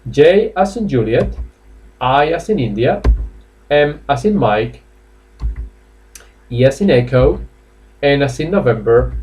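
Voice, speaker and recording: A man's voice: mid-range voice, animated, measured pace, pauses often, a little mellow. A man from Spain teaching English live online in a Spanish accent, chatty and coaxing, with lots of fillers and laughs. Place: classroom or office indoors.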